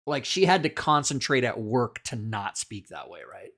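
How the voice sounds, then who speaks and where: A man's voice: mid-range voice, very animated, normal speed, fairly bright tone. A man hosting a casual chat, telling rambling stories and laughing often. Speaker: host.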